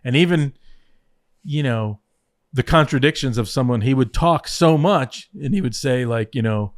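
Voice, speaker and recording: A man's voice: medium pitch, moderate pace. A man chatting casually on a podcast, telling backstage stories with lots of swearing and acted-out quotes. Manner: animated, profane, acts out quotes mid-story. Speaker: former head writer of a wrestling show, podcast guest. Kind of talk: casual storytelling chat.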